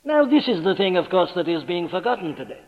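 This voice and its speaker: A man preaching a sermon in a church, speaking emphatically and building to forceful declarations. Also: high-pitched, very animated, quick pace. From Wales. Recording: dull archival recording in a large reverberant church.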